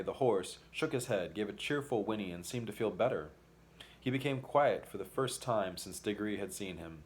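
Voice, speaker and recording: A man reading a children's fantasy story aloud as audiobook narration, in a measured, expressive way. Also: fairly low pitch, slight background noise. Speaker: audiobook reader.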